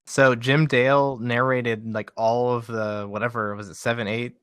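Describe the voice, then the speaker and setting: A man's voice: medium pitch, level tone, moderate pace, fairly bright tone, smooth, dry recording. Laid-back man chatting, dry close sound. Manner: laid-back, self-deprecating, laughs often. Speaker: podcast co-host. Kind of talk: casual chat.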